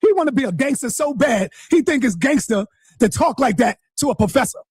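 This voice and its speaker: A man streaming live, commenting on a clip to his viewers in an animated, indignant way. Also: extremely high pitch, a little fast, breathy edge, no room sound, studio quality.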